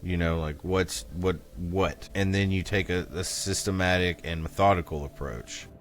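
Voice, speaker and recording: A young man with a very deep, low voice, chatting loosely on a podcast. He jokes crudely and swears a lot, with faint music behind him. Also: fairly even intonation, normal speed. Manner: crude, joking, profane. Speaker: podcast co-host. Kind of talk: casual chat.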